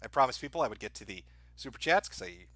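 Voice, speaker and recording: A man's voice: mid-range voice, sing-song, fast talker, bright, forceful tone, no room sound. A man hosting a live stream, ranting sarcastically and profanely to his chat, often breaking into laughter.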